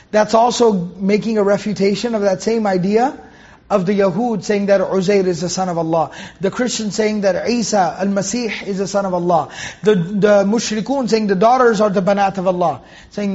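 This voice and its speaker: A man's voice: high voice, normal speed, a little mellow, dull audio. A man giving a Quran commentary lesson, patiently explaining Arabic terms and correcting himself as he goes. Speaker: Quran teacher.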